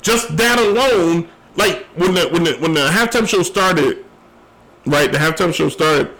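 A man's voice: on the high side, lively intonation, a little slow, fairly bright tone, rough recording. A man hosting his own sports show, giving emphatic, rambling opinions and repeating his key phrases, with a voice worn from a long day. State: losing his voice, tired. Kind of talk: opinionated solo sports commentary.

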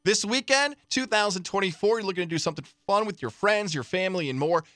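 Upbeat sports radio host, slightly higher voice. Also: male voice, fast, a bit bright, no echo, studio quality. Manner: upbeat, pleading and promotional. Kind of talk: sports talk and promo read.

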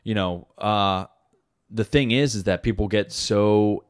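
Low-voiced man, rambling casual podcast host. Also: a little slow, clean tone. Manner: rambling, swears freely, lots of "like". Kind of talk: casual chat.

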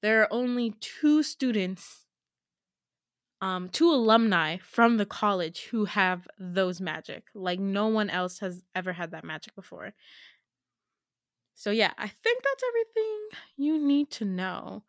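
Animated young woman telling a story. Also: medium pitch, unhurried, no echo, clean studio sound. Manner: animated, laughing, swearing freely. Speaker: podcast host. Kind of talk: casual storytelling.

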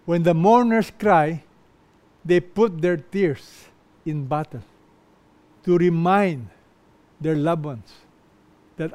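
A middle-aged man preaching a sermon, slow and emphatic, with frequent pauses between short phrases. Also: a little high, darkish tone.

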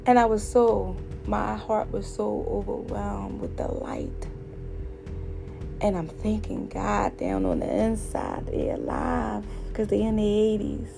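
A woman's voice: mid-range voice, vocal fry, warm tone, poor audio. A woman telling a heartfelt personal story in a casual, earnest way, livening up when she quotes other people.

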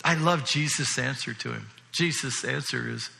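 A man preaching a sermon in a lively, conversational way, often checking in with his listeners. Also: medium pitch, moderate pace, vocal fry. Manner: animated, conversational, often asks the audience "right?". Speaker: pastor. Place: church hall with a congregation. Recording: long reverb of a large hall.

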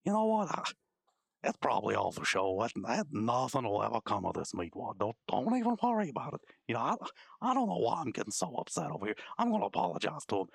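Male co-host, gravelly husky voice, brash and mouthy, very wide pitch swings. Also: huge pitch swings, fast talker, no echo. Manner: brash, mouthy teen bravado. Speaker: podcast co-host. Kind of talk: comedic improv skit.

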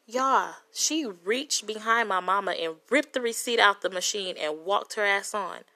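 Woman from Compton, bright forceful voice, profane heated storytelling, vlog rant. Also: mid-range voice, a little slow. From Compton, California. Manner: profane, heated, dramatic retelling with quoted voices. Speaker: vlogger telling a story.

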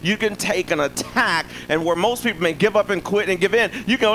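A man's voice: sits high, brisk, creaky, a bit bright, slight background noise, poor audio. A man preaching a sermon in a loose, conversational way, often checking in with "right?". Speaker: pastor.

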